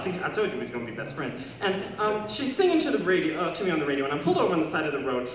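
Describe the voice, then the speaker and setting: A middle-aged man giving a playful, humorous speech to a school audience, rising high when he stresses a point. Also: fairly bright tone. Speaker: speaker addressing students. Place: large hall or gym. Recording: echoey hall from far off with room noise.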